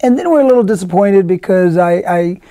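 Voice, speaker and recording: A man's voice: sits high, lively intonation, fairly quick, warm tone, clean tone, no echo. A middle-aged male actor in a casual interview, rambling through anecdotes with many restarts and acted-out quotes. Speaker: actor guest.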